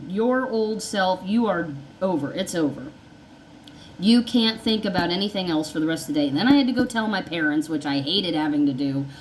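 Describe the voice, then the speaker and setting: In a lowish voice, a woman recounts her own experiences for her vlog, chatting loosely, going over points again, and voicing what others said. The audio is poor, with slight background noise.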